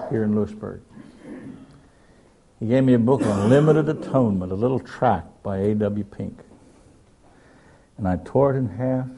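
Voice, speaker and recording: A man's voice: medium pitch, dark tone, slightly rough. An older man preaching a sermon, telling stories in an earnest, direct way. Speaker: pastor.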